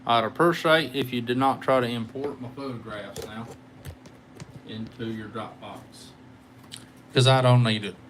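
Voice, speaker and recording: A man's voice: medium pitch, fairly even intonation, measured pace, long pauses, a bit bright, a little hiss or hum. A tired man rambling and joking with his viewers as he hosts a casual live guitar stream on a microphone. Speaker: livestreaming guitarist.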